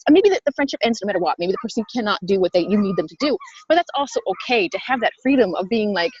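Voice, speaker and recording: A woman's voice: on the high side, lively intonation, fast talker, a little mellow, slightly rough, no echo, highs cut off. A woman co-hosting a podcast in casual chat, acting out quoted voices and laughing often. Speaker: podcast co-host.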